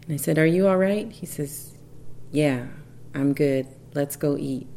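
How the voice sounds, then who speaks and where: A woman in her thirties tells a personal story in a casual, chatty way. Her voice sits very low and sounds mellow and warm. She jumps into quoted dialogue with animated bursts. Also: measured pace, vocal fry.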